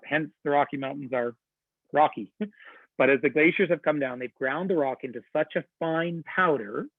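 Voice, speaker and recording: A man's voice: medium pitch, dry recording. A man working as a tour director, giving an enthusiastic, chatty webinar presentation. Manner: chatty, enthusiastic storytelling with laughs. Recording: tinny phone-like line, dry.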